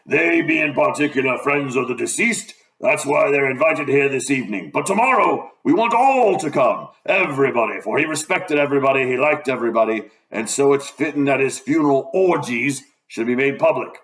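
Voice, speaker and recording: A man's voice: medium pitch, lively intonation, normal speed, hardly any pauses, fairly bright tone. A man voicing a pompous, rambling old male swindler who lectures self-satisfied in a storybook reading.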